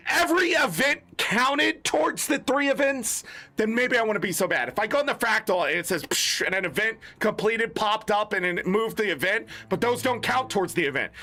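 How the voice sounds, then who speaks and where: A man's voice: sits high, sharp tone. A man ranting in exasperated, emphatic commentary as a gaming content creator, swearing often.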